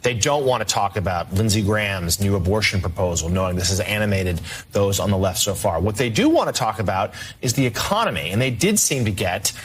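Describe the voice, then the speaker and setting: A man anchoring a TV news panel, posing a measured, leading question. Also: on the low side, expressive, a little hiss or hum.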